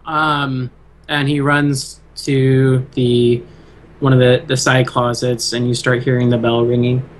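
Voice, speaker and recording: A man narrating as game master of an online tabletop session, unhurried and full of ums and uhs. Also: mid-range voice, slight background noise. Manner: relaxed, hesitant narration with many fillers.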